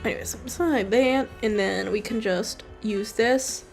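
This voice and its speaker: A woman's voice: mid-range voice, normal speed, creaky. A young woman casually talking through her digital drawing, rambling and offhand, with the odd swear word. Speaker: digital artist streamer. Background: faint background music.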